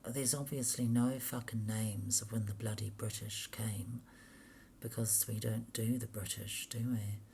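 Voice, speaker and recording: A woman's voice: rumbling low, steady tone, unhurried, mellow, a little hiss or hum. A woman reading history pages aloud in a half-whispered mutter, grumbling and swearing constantly as she goes. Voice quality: often whispered, gravelly.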